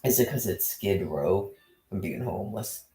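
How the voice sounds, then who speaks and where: A man with a lowish voice spins a loose, rambling comic story, often breaking into laughter. His quotes of other people come out acted rather than read. The recording has a noticeably roomy echo. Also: expressive, moderate pace, warm tone, faint music behind. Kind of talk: casual comedic storytelling.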